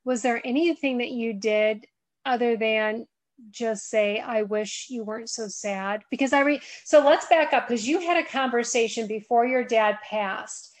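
A woman's voice: on the high side, normal speed, dry recording. A woman hosting a podcast, talking earnestly in a rambling, conversational way. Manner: earnest, rambling, backs up and restarts. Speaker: podcast host.

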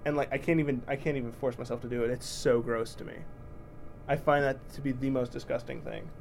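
A man's voice: medium pitch, fairly even intonation, fast, a little mellow, slight background noise. A man co-hosting a casual chat show, teasing and chatty. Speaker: podcast co-host.

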